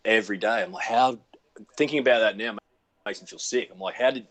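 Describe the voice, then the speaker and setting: This is a relaxed Australian man chatting as a guest from his home over a video call. His voice sits fairly low, and he tells his stories with a self-deprecating, unhurried ease. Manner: laid-back, self-deprecating storyteller. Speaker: actor guest. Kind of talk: casual chat.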